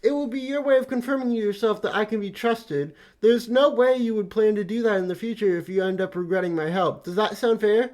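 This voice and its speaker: A man doing an excitable, teasing troll girl. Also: high voice, fairly quick, hardly any pauses, natural voice. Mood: scheming. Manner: exclamatory, playful, sing-song. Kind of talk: reading a comic aloud with voices.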